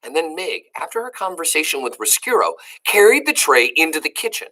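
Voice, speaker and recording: A woman reads a children's book aloud, explaining harder words to young listeners as she goes. Her voice swoops widely in pitch, and her tone is bright and lively. She tells the story with plenty of expression. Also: brisk.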